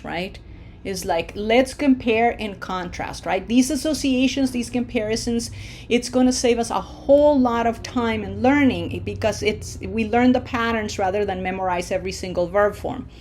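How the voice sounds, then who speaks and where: A woman teaching a recorded language lesson who is patient, checks in often with "okay?" and "right?", and slows down to model words. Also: mid-range voice, a little mellow, a little hiss or hum. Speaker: Spanish teacher.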